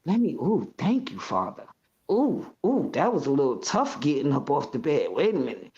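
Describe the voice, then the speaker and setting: Brief: low-pitched woman guest, lively storyteller, slightly muffled recording. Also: moderate pace. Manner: animated, expressive, acts out scenes. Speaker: interview guest. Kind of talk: casual interview storytelling.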